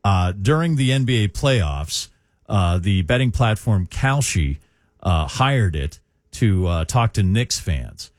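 A man's voice: on the low side, very animated, slow, dry recording, studio quality. A man hosting a morning radio show, chatting casually with many hesitations and fillers. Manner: hesitant, lots of uh fillers, chuckling.

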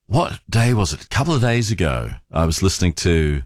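A man's voice: sits low, very animated, a little fast, no room sound. A man hosting a talk radio show, chatting casually and often stumbling over and repeating his words.

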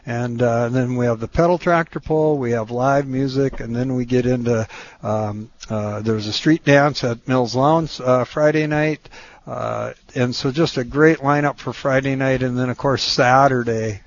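A man's voice: mid-range voice, fairly even intonation, a little slow, lo-fi sound, slight background noise. A man as a guest on a casual radio chat, promoting a town festival in a plain-spoken way full of ums and uhs. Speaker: event organizer guest.

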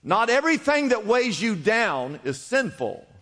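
A man's voice: high voice, very animated, measured pace, a bit bright. A man preaching a sermon as pastor, urging his listeners on with repeated exhortations. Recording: long hall reverb.

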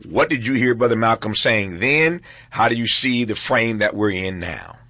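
A man's voice: on the low side, lively intonation, normal speed, sharp tone, no echo. A man hosting a talk show at a studio desk, reflective and emphatic, laughing often and repeating words for stress. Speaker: host. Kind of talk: talk show commentary and interview.

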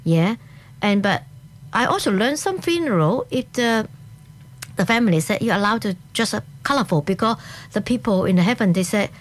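A woman's voice: medium pitch, animated, normal speed. Chatty woman with a Hong Kong accent. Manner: chatty and enthusiastic, laughs often. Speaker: guest. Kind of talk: casual interview chat.

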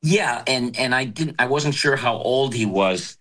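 An older man, a voice actor, talking in an interview in a reflective, halting way with many fillers. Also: medium pitch, animated, fairly bright tone. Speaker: voice actor guest. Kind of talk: casual interview talk.

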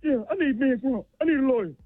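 A man's voice: very high-pitched, expressive, quick pace, voice pushed up. A man voicing a male mutt dog who phones in to a radio show, stammering and indignant about being wronged. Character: male mutt dog phoning in, defensive and aggrieved. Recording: tinny phone line.

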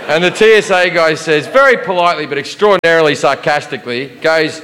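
Brash comedian with a rather high voice. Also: male voice, fairly quick, few pauses, in a large hall, crowd noise. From Australia. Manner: swearing, brash, rambling anecdote. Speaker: stand-up comedian. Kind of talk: stand-up comedy storytelling.

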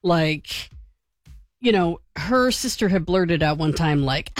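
A woman's voice: lowish voice, animated, slow pace, dry recording. Woman morning radio co-host, chatty and giggly, dry close studio mic. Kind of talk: casual radio banter.

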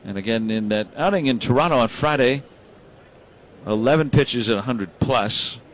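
A man calling baseball play by play, brisk and rising when big plays happen. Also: mid-range voice, slight background noise. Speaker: play-by-play announcer.

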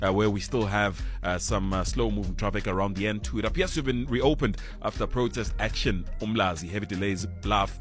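A man with a South African accent reading a radio traffic report, going through roads and delays briskly. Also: on the low side, soft background music. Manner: brisk, reads road by road.

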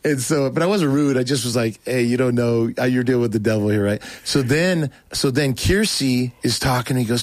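A man's voice: mid-range voice, fairly quick, few pauses, no room sound. A man as a guest telling a long personal testimony story, rambling, restarting, and acting out quotes.

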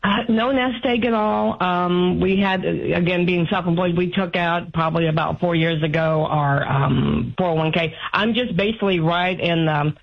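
This caller, a woman in her fifties, has a lowish voice with vocal fry and talks at a normal speed, barely pausing. Over a muffled phone line she anxiously rambles through her call-in advice conversation, often restarting what she says.

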